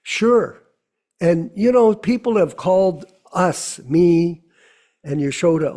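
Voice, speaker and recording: A man's voice: high voice, lively intonation, slow pace, mellow. A man hosting an online devotional discussion, urging listeners earnestly and repeating phrases for emphasis. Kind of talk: exhortation to a video call audience.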